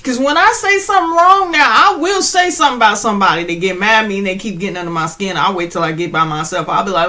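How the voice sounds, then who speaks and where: Woman spiritual vlogger, high bright voice, animated, slangy, preachy and laughing. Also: a little fast. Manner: preachy, addresses viewers directly. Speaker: spiritual channel host. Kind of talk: casual spiritual pep talk.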